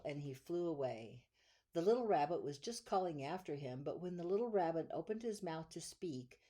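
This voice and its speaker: A woman reading a children's bedtime story aloud in a gentle, soothing way, drawing out the repeated lines. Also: deep voice. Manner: gentle, soothing, drawn-out repetitions.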